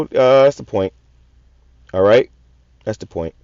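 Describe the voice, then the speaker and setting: A man's voice: mid-range voice, brisk, a little mellow, dry recording. Give me a male preacher reading scripture and swearing, stuck repeating words, on a dull lo-fi recording. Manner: repeats words in stammering runs, swears heavily. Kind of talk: profane scripture teaching. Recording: dull lo-fi sound.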